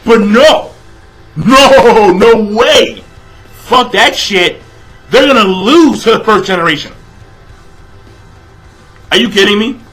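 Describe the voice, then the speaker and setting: Ranting young man with bright voice. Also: sits high, takes it slowly, pauses often, soft background music, low-quality recording. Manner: exasperated, profane, repeats phrases, shouts in bursts. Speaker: manga reviewer. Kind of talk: ranting manga review vlog.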